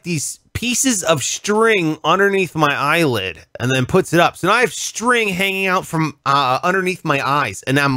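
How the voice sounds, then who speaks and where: A man on a radio show spins a story with a bright, forceful voice that jumps all over in pitch. He acts out the people in it and their cries, and the sound is close and dry with no room around it. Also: no echo. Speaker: radio host. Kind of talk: casual storytelling chat. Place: radio studio.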